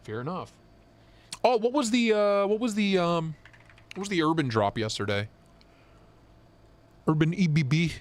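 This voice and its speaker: A young man co-hosting a live stream, chatting casually and swearing as he jokes and gets excited. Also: a little high, normal speed, long pauses. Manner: excited, profane, joking. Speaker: knife show co-host.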